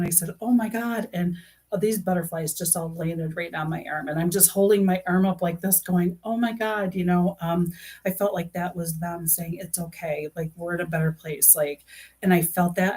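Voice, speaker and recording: A woman's voice: fairly low pitch, a little mellow. A woman chatting on a live stream about true crime, rambling with lots of fillers and restarts, earnest and emotionally invested. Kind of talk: casual live-stream chat.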